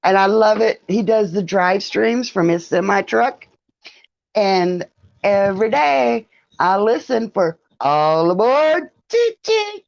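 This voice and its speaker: A woman's voice: medium pitch, slow, vocal fry, no echo, highs cut off. A woman hosting a casual livestream, chatting with viewers, greeting them by name and laughing often. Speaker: livestream host. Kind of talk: casual live-stream chat with viewers.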